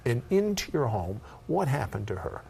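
A man hosting a faith talk show, interviewing a guest with animated, playful questions. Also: medium pitch, normal speed, vocal fry, slightly rough. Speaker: host.

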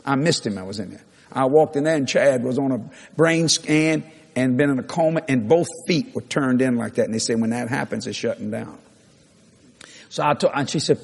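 Husky preacher man in a reverberant hall. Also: mid-range voice, brisk. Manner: animated, acts out voices and dialogue, repeats key lines. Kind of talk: storytelling sermon.

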